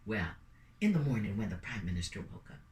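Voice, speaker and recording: A woman telling a story in an animated, playful way, calling out to her listeners. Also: rumbling low, a little fast, distant mic. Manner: lively, playful, calls out to listeners. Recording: roomy sound from away from the mic.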